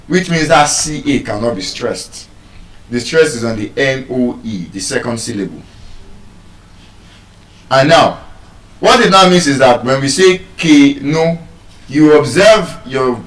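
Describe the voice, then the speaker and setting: A man with a Nigerian accent giving a live talk on pronunciation to an audience, playful and teasing, repeating words slowly to drill them. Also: mid-range voice, a bit bright. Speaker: public speaker teaching pronunciation. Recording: echoey hall, voice from far off.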